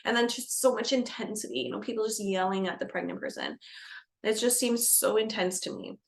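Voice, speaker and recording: A woman doula explaining birth practice to camera, lively and expressive, acting out scenes and dropping into a soft calm voice. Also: a little high, fairly quick, creaky. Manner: animated, acts out scenes with gasps and shifts to a soft calming voice. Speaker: doula educator. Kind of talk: educational talk to camera.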